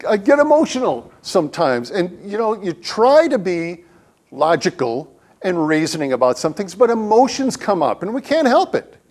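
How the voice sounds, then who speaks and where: A man's voice: high-pitched, sing-song, moderate pace, darkish tone. A man, a guest speaker, giving a conversational sermon in a church with humorous stories. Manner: humorous storytelling, acts out quotes. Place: church sanctuary.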